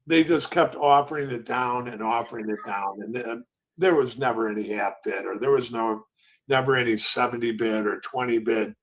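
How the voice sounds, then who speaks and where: A man's voice: mid-range voice, fairly bright tone. An older man hosting a trading show, telling loose, rambling stories and acting out the quotes of floor traders. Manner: rambling, acts out pit quotes. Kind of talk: casual storytelling.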